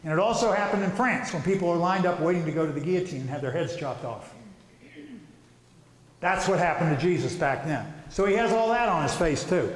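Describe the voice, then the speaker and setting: A man's voice: on the high side, expressive, a little fast. A man presenting an informal religious talk, telling the story vividly and casually with slang. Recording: echoey hall reverb.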